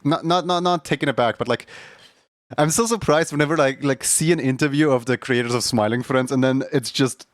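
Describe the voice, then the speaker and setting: Young male streamer, casual rambling chat, mid pitch, dry close sound. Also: brisk, no echo. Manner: rambling, lots of fillers.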